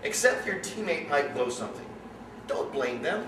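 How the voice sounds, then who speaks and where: A middle-aged man coaching, giving an animated story-driven talk to parents and questioning his audience. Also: fairly high pitch, moderate pace. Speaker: youth sports coach. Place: room with an audience. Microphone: distant room mic. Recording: echoey room, distant mic, background noise.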